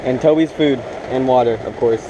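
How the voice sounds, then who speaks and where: A man's voice: mid-range voice, normal speed, noisy background. A man vlogging from a small tent in heavy rain, rambling casually with lots of fillers and chatting to his dog. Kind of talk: casual self-filmed vlog. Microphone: camera on a tripod.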